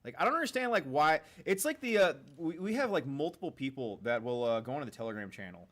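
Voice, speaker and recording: A man hosting a stream-style podcast in casual chat, rambling and halting as he talks. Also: a little high, lively intonation, fairly bright tone. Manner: rambling, halting, with many fillers and restarts. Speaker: podcast host reading viewer messages.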